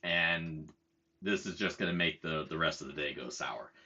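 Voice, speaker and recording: A man's voice: rumbling low, normal speed, sharp tone. A middle-aged man telling a story as a heated casual rant, swearing freely and mocking other people's words. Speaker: channel host. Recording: dull lo-fi sound.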